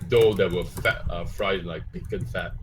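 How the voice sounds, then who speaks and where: A man's voice: deep voice, steady tone, moderate pace, over music. A man running a tabletop game as game master, narrating scenes in a rambling way with many fillers. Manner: rambling, full of fillers and restarts.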